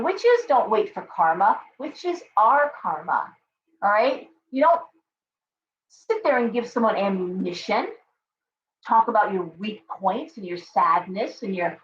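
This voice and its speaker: Middle-aged woman tarot host, blunt and profane, a bit high-pitched, on echoey, dull live-stream audio. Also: fairly bright tone, a little hiss or hum. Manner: outspoken, profane, scolding.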